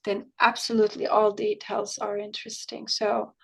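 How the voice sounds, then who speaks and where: A woman's voice: medium pitch, completely flat delivery, normal speed, vocal fry, fairly bright tone, breathy edge. A woman who works as a remote viewer, telling a story in conversation and acting out the dialogue in her own voice. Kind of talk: conversational interview recounting an experience.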